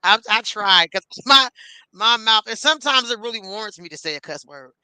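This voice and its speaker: A woman's voice: on the high side, expressive, fairly quick, sharp tone, clear, resonant tone, dry recording. A woman in her forties co-hosting a casual chat, blunt and profane, telling stories with animation. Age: 40s. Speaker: co-host.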